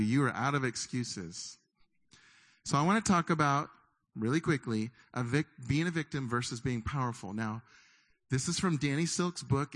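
Middle-aged man, pastor preaching, animated, conversational, acts out listeners' doubts, mid-pitched voice. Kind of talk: sermon.

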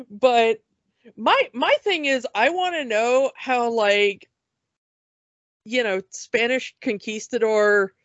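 A woman's voice: mid-range voice, dry recording. A woman chatting casually about a movie as a podcast co-host, laughing often and acting out silly quotes. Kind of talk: casual movie review chat. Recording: dull lo-fi dry sound.

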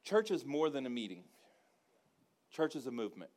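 A man's voice: medium pitch, sing-song, normal speed. A male pastor preaching a sermon, folksy and joking, calling for responses from the congregation. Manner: rising to loud emphatic preaching with call-and-response.

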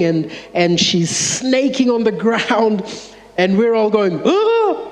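A man, an associate pastor, preaching by telling an animated, self-mocking story to his congregation. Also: sits high. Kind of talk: sermon storytelling. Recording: long church-hall reverb.

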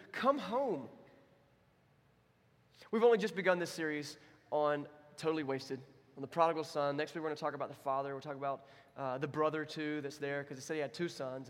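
A young adult man preaching a sermon as pastor, conversational and storytelling, swinging into voiced quotes. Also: a little high. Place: church sanctuary. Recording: long hall reverb.

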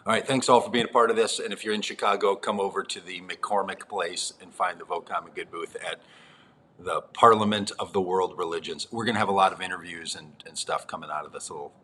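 A man with a very low voice and a bright, forceful edge to his tone. He co-hosts a live-streamed podcast in loose, joking chat, teasing his partner as he wraps up the show. He talks from inside a rented apartment unit. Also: steady tone, brisk, a little hiss or hum. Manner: joking, teasing wrap-up banter. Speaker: podcast co-host.

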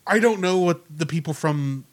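A man co-hosting a casual movie review podcast, ranting in an animated, opinionated way. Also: a little high, normal speed, no echo. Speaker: podcast co-host.

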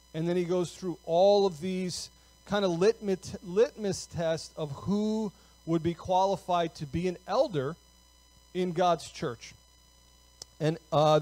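A man with a high voice preaches a sermon in a relaxed, conversational way, often pausing to check in with the congregation. The recording is dry and close, with no room echo. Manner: conversational, with frequent fillers and "okay?" check-ins. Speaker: pastor.

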